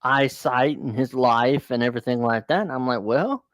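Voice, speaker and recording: A man's voice: mid-range voice, steady tone, moderate pace, a bit bright, no room sound. Guy rambling thru a story on his show, blunt, swears a lot, dry close sound. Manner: rambling, many fillers and restarts, blunt swearing. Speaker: host telling a story. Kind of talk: casual storytelling chat.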